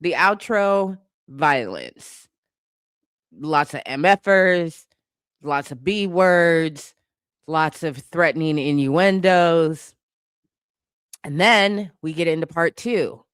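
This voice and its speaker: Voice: medium pitch, slow pace, pauses often, fairly bright tone, clean tone, dry recording, clean studio sound. A vlogger at home giving casual reaction commentary on song lyrics, sarcastic and laughing often. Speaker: YouTube commentator. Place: home, living room with a couch and a cat.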